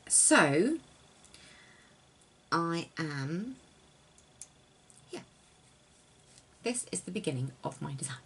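A young woman chats casually to the camera about her knitting, her voice soft and a little breathy. She rambles easily and often trails down to near-whispers. Her pitch sits slightly low. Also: sing-song, takes it slowly, pauses often. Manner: rambling, softly spoken, drops to near-whispers. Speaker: knitting designer and yarn dyer. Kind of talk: casual chatty craft vlog.

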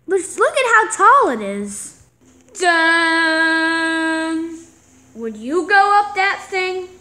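A woman's voice: extremely high pitch, sharp tone, exaggerated voice. A woman voicing Batman, an earnest male cop who narrates a homemade mini movie in a melodramatic way. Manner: earnest, melodramatic, hums "dun dun" stings.

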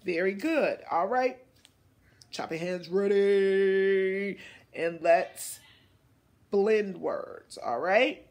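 A woman teacher leads young children through a phonics lesson, modeling words slowly and deliberately and encouraging them. Her voice is medium-pitched with a darkish tone.

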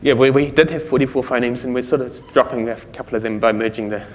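A man's voice: medium pitch, fairly even intonation, fast. New Zealand man giving a rambling talk. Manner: loose and rambling, many fillers and restarts, chuckling asides. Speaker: conference speaker. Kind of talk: technical conference talk. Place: lecture hall. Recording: lecture hall with long reverb.

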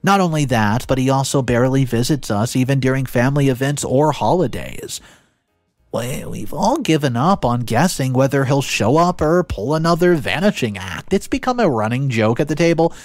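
A man narrating a story in the first person, animated and playful, with asides to his listeners. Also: medium pitch, moderate pace, dry recording, clean studio sound. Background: faint background music.

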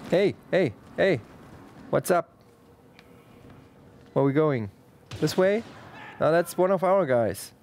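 A man jokes his way through a shooter, talking slowly and teasing himself. His voice sits a little high for a man. The game's noise runs clearly underneath him. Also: expressive, a little mellow. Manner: joking, self-mocking, slow and drawn out. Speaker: let's play host. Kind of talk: casual gameplay commentary.

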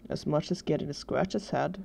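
A woman voicing a sullen, weary teenage boy in a storybook reading, with a flat, indifferent delivery. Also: low-pitched, moderate pace, vocal fry, full character voice. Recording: dull lo-fi recording.

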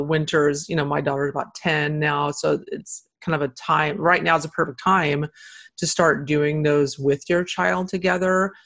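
A middle-aged woman with a very low voice hosts a podcast interview. She talks in a chatty, warm way, filling her sentences with little fillers as she asks questions. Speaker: podcast host. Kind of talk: casual interview chat.

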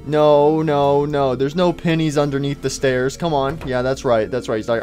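A man's voice: mid-range voice, fairly even intonation, moderate pace, few pauses, darkish tone, soft background music. A young man casually commenting on a video game as he plays, teasing the characters with playful asides. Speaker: gaming YouTuber. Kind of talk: casual let's-play commentary.

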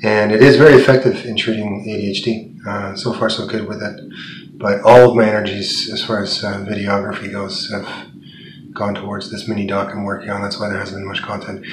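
A man talking casually to his viewers in a vlog, chatty and relaxed, with plenty of fillers. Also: on the low side, a little fast, noisy background. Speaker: vlogger. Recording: music playing behind the voice.

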